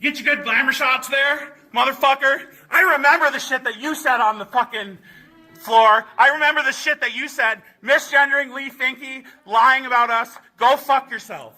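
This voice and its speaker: Woman protester yelling profane defiance, piercing high voice. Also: normal speed, roomy sound, low-quality recording. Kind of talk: shouted protest confrontation. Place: state legislature committee room, indoors.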